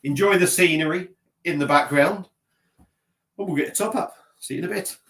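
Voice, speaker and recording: A man with a slightly blocked nose rambles through a relaxed live stream from his desk at home. He laughs at himself, trails off and restarts often, and talks into a laptop mic. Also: on the high side, fairly quick, slight background noise. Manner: rambling, self-mocking, chatty, reading out comments. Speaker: beer vlogger live-streaming. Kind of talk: casual live-stream chat.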